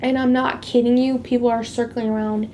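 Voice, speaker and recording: A woman's voice: a little high, little pitch movement, fairly quick, dark tone, slight background noise. A woman telling a personal story in a casual, chatty way, leaning hard on "like" and stressing the big moments. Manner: chatty, heavy use of "like"; emphatic retelling of a past conflict. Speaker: vlogger sharing a faith testimony.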